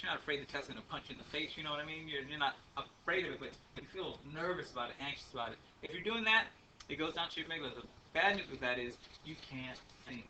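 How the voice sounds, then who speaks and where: Rambling male teacher, bright voice. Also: fairly high pitch. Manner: chatty, rambling, many ums and uhs. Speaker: math teacher. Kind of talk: classroom lecture. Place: classroom. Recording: faint room noise, speaker a bit far from the mic.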